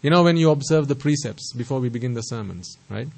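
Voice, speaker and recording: A man's voice: medium pitch, expressive, fast talker, gravelly, a little mellow, rough recording. Male Buddhist teacher, mid-range voice, sermon delivery, rhetorical and emphatic. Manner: rhetorical questions, repeats phrases for emphasis; stresses pronunciation carefully.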